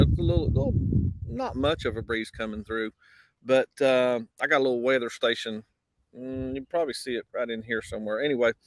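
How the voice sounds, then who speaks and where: A man's voice: medium pitch, fairly bright tone, dry recording, studio quality. Laid-back man chatting outdoors. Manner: easygoing, drawls greetings to viewers. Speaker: host of a live morning show. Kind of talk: casual live-stream chat. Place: outdoors on a windy day. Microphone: basic mic, no wind cancelling.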